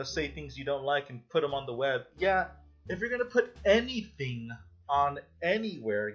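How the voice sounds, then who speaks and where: A man's voice: medium pitch, a bit bright, dull audio. Blunt, rambling young man reviewing. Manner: rambling, blunt and profane, with exasperated outbursts. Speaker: online reviewer.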